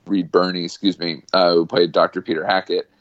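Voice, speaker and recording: A man's voice: low-pitched, flat delivery, brisk, no room sound, lo-fi sound. A man chatting casually as a podcast guest, rambling and full of fillers.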